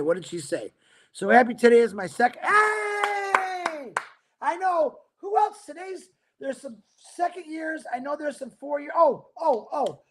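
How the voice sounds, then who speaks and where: A man hosting a casual livestream, rambling upbeat as he greets viewers by name, talking fast and a bit mumbled. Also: very high voice, a bit bright. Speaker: livestream host. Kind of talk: casual livestream chat reading viewer comments.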